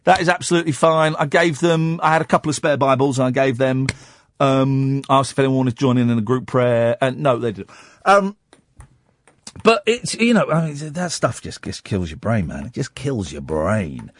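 In a dry recording, a radio host in his forties with a Yorkshire accent speaks at normal speed in a mid-range voice. He reads out news items and riffs on them in a casual monologue, sardonic and self-mocking.

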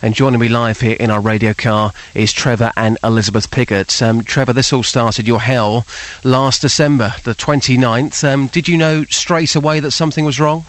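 A man's voice: medium pitch, steady tone, normal speed. A man reporting live for radio, asking earnest, probing questions.

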